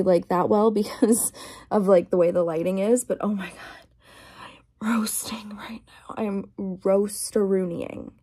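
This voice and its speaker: Woman vlogger, casual rant, exasperated, slips into whispers, recorded in a garage. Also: mid-range voice. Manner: chatty, exasperated, drifts between talking and whispering. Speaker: ASMR vlogger. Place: garage at home. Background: quiet, dim garage.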